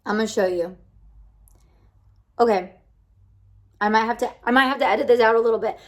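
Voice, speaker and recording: A woman's voice: fairly high pitch, fast talker, long pauses. Bubbly woman chatting to camera. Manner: bubbly, animated, talks straight to the viewer. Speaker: lifestyle vlogger. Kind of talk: casual chat to camera.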